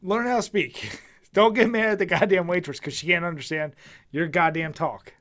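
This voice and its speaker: A man's voice: high voice, normal speed, a bit bright. A young man from Philadelphia with a Philly accent, co-hosting a podcast and teasing his friend in a laughing, profane way. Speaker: podcast co-host. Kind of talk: casual chat.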